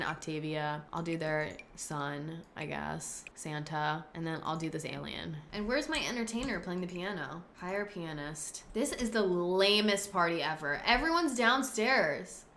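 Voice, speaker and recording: A woman hosting a let's-play video, with excitable, dramatic commentary full of gasps and exclamations. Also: on the low side, gravelly, slight background noise. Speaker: gaming host.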